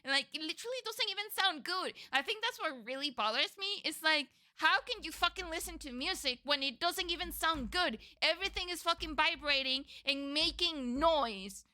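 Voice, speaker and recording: A woman with a high, piercingly bright voice, chatting on a podcast. She rants in exasperation about things that annoy her and swears freely as she talks. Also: expressive, normal speed, hardly any pauses. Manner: ranting, swears a lot, exasperated. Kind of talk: casual chat.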